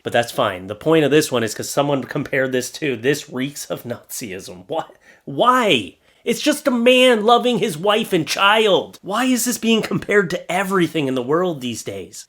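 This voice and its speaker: A man's voice: a little high, fairly bright tone. A man hosting reaction commentary, sarcastic and exasperated, mocking what he reads. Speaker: commentary host.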